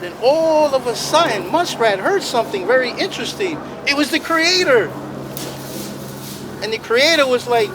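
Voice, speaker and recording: A man with a fairly high voice tells a traditional animal tale to a small group outdoors, playful and animated. Loud road traffic runs constantly behind him. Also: normal speed. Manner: animated, playful, chatting with listeners. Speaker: storyteller. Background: traffic noise.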